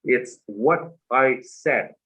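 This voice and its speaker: A man's voice: mid-range voice, drawn-out words, a bit bright, rough recording. Earnest man telling a rambling story. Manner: earnest, rambling, heavy with "like" and "you know". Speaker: talk show guest.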